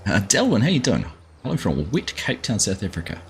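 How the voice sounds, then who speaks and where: Brisk and low-pitched with vocal fry, this Australian streamer's pitch swoops wildly as he chats with his audience. The middle-aged host greets viewers by name, calls them mate a lot, and has slight background noise behind him.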